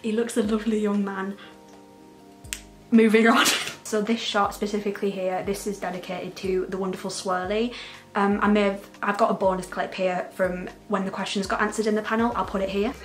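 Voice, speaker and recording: A woman's voice: medium pitch, brisk, music in the background. Gushing woman fan, laughs a lot. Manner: excitable and gushing, laughs often. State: emotional, close to tears. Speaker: vlogger reacting to a trailer. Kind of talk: casual, unscripted reaction commentary.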